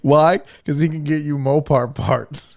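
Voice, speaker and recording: A man from the Houston area, hosting a casual live-stream chat and telling stories loudly with frequent laughter. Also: fairly high pitch, unhurried, vocal fry, very noisy. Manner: loud, laughing, animated storyteller. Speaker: host.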